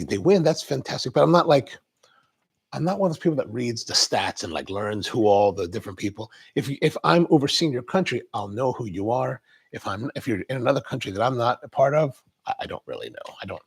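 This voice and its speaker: Raspy chatty male coffee livestreamer. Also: medium pitch. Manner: rambling, chatty, answers viewer comments. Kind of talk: casual livestream chat.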